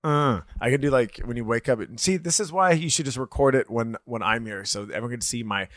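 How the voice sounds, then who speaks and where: A man in his thirties co-hosts a podcast in casual chat, speaking fairly quickly in a mid-range, fairly bright voice. He rambles hesitantly with many fillers and restarts. The sound is studio quality with no room sound.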